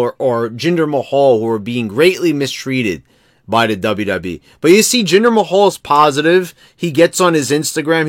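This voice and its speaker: A man's voice: mid-range voice, a bit bright, dry recording, studio quality. A man ranting casually about wrestling in a rambling, profane way, full of restarts and fillers. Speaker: wrestling commentary vlogger. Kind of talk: casual opinion rant.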